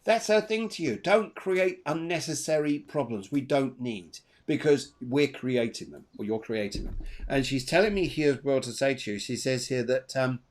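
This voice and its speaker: A man hosts a live psychic reading show. He is chatty and animated and laughs easily. His voice sits at a middle pitch. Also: normal speed. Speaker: medium and show host.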